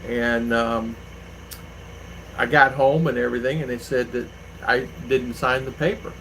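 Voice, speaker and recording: A man chats to his viewers in a loose, rambling way, wandering through his stories with plenty of fillers. His pitch sits in an ordinary middle range. A faint air-conditioner hum runs underneath. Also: fairly even intonation, measured pace, vocal fry, bright, forceful tone, rough recording. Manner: rambling, anecdotal, with many fillers. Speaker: vlogger, channel host. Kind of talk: casual chat to viewers. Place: home in the Philippines.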